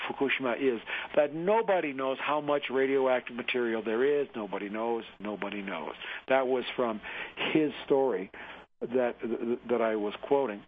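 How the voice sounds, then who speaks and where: A man hosting a live radio talk show, reading news articles aloud and commenting earnestly, often stumbling and restarting his words. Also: mid-range voice. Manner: halting, many restarts and fillers, earnest. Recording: tinny phone-like radio audio with faint noise.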